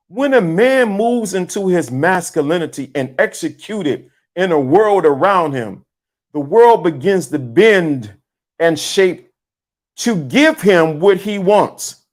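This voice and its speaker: A man preaches to his livestream viewers. He repeats key lines and spells words out letter by letter in a motivational talk. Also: high-pitched. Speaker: livestream host.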